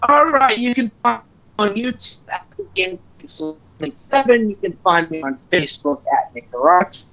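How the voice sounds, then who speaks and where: A man's voice: high voice, very animated, moderate pace, pushed and bright, poor audio. Young-sounding man reading his plugs. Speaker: podcast guest. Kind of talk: casual chat.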